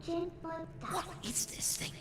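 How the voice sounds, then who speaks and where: A man's voice: very high-pitched, very slow, fairly bright tone, roomy sound, pitched above the performer's own voice, exaggerated voice. A man voicing a mischievous small female imp companion, asking puzzled, bossy questions.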